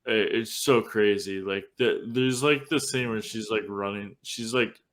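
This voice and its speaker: A man with a fairly low voice hosts a laid-back horror movie podcast. He rambles as he talks, and he restarts his sentences often. His speech is filled with loose "like"s. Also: unhurried, a bit bright. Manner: rambling retelling full of "like" and restarts. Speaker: podcast host. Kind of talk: casual film-review chat.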